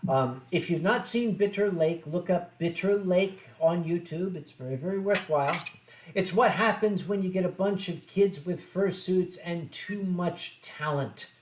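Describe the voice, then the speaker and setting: High-voiced man telling rambling stories. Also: measured pace, a little hiss or hum. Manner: rambling, profane, self-mocking. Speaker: host. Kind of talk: casual storytelling on a drinking stream. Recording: echoey room.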